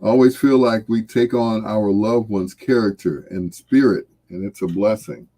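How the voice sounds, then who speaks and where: A man hosting a late-night radio show, talking in a slow, reflective, heartfelt way and trailing off softly. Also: on the low side. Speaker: radio host.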